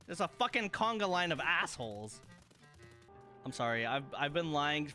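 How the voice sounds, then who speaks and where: A man's voice: fairly high pitch, a little slow, long pauses, sharp tone, faint music behind. A young man streaming a game, yelping, swearing and breaking into shrieking laughter as things go wrong. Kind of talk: gaming stream chat.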